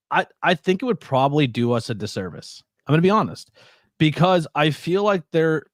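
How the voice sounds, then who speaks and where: A man's voice: on the high side, big pitch swings, moderate pace, dry recording, clean studio sound. A man co-hosting a wrestling podcast, talking earnestly and rambling in a casual chat, with frequent restarts. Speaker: podcast co-host.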